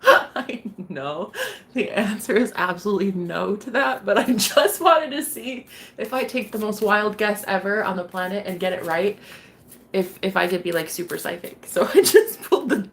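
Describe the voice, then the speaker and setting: A young woman with a medium-pitched voice and vocal fry talks at a normal pace while hosting a tarot live stream. She's bubbly and casual with her chat, swears freely, and laughs a lot.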